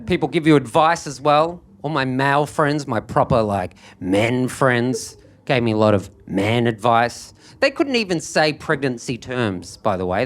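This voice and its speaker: A male stand-up comedian telling stories in a dry, wry way. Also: medium pitch.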